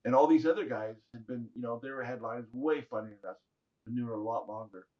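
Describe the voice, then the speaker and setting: A middle-aged man, a podcast guest, telling animated stories in a jokey way and acting out the voices of people he quotes. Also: medium pitch, fast. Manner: jokey, acts out quoted voices, laughs often. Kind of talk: animated storytelling. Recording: slightly dull lo-fi audio.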